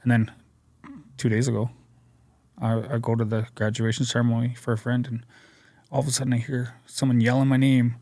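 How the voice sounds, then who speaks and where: A man telling his recovery story as a podcast guest, earnest and energetic, acting out what people said. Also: medium pitch, fairly quick, long pauses, dry recording. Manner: energetic, earnest storyteller who acts out quotes. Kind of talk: personal storytelling interview.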